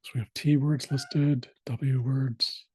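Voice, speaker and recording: A man teaching an online language class, walking through old dictionaries in a plain, steady way with frequent pauses and fillers. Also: medium pitch, breathy edge. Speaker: language instructor. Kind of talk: online class screen-share walkthrough.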